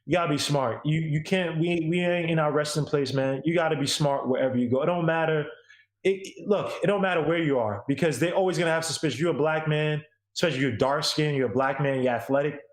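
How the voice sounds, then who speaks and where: A man co-hosting a podcast rants during casual opinion chat, emphatic, repetitive, and full of slang. His voice is fairly high and quick, and the sound is roomy.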